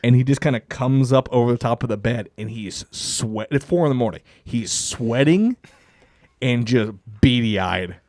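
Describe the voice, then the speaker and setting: A man's voice: medium pitch, normal speed, a little mellow, dry recording, studio quality. A young man co-hosting a podcast, telling a comic story with heavy swearing and laughing at himself. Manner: profane, laughs through his own story. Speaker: podcast co-host.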